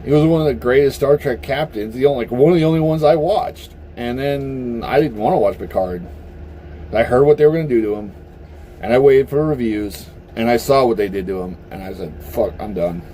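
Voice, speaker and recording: A man's voice: mid-range voice, brisk, a little hiss or hum. A man ranting casually to camera in a blunt, profane, heated way. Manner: animated, heated. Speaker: vlogger. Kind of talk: casual opinion rant.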